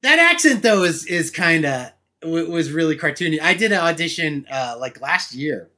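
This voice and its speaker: A man from Massachusetts, an actor, telling animated stories in a casual podcast chat and laughing often. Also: a little high, normal speed.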